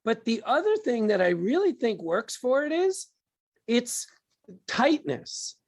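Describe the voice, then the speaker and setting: A man's voice: very high voice, very animated, slow. Thoughtful male guest explaining ideas. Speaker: guest, TV producer. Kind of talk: casual interview chat.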